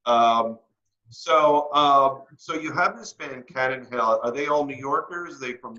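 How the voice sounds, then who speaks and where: Bright-voiced male host, stammering and joking. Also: mid-range voice, unhurried. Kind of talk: casual interview chat. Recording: dull lo-fi recording.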